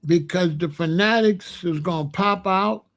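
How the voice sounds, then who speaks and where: A man in his sixties hosting a livestream, chatting casually to his live chat in a slow, repetitive, drawling way. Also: high voice, fairly bright tone. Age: 60s. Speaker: livestream host.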